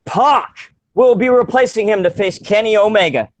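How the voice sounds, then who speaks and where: High-voiced man rambling in podcast chat. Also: normal speed. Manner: rambling, many fillers and restarts, laughs often. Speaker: podcast co-host.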